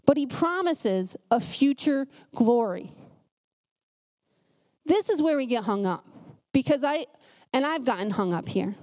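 A woman preacher giving a conversational sermon, telling stories in an animated way with a pace that speeds up and slows down. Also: high-pitched. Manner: animated storytelling, shifting pace.

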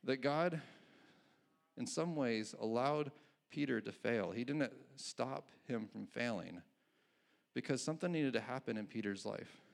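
A man's voice: mid-range voice, a little slow, vocal fry. A male pastor giving a conversational sermon, often restarting his phrases and chuckling at his own asides.

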